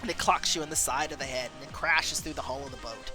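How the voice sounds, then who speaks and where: A woman's voice: a bass voice, fast talker, bright, forceful tone, soft background music. A woman streamer reading an interactive story game aloud, taking viewer votes and exclaiming often.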